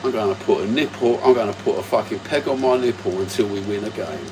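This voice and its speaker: A man's voice: fairly low pitch, quick pace, noisy background. A man, hosting a casual livestream from home with crude, sweary banter into his phone. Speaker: livestream host.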